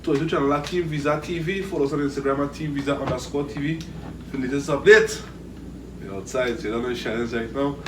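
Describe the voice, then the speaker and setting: A man hosting an outdoor group interview, calling out questions to the crowd with lively energy. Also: mid-range voice, fast. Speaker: interview show host. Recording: echoey, distant, noisy outdoor ambience.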